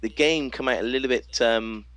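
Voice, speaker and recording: A man's voice: mid-range voice, moderate pace, fairly bright tone, clear, resonant tone, no echo. A man from the United Kingdom, a guest on a casual podcast over a video call, easygoing and hesitant with many fillers. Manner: easygoing, hesitant, many ums and you-knows.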